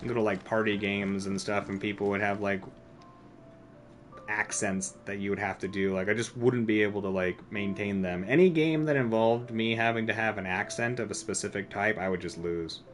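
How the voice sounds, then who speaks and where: A man's voice: on the low side, steady tone, moderate pace, soft background music. A man streaming a video game, chatting casually in a rambling, self-deprecating way full of filler words. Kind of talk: casual gameplay commentary.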